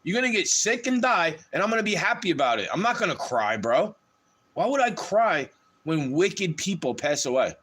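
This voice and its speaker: A man's voice: sits high, fairly bright tone, slightly rough. A man on a livestream delivering a heated, profane rant straight to his audience.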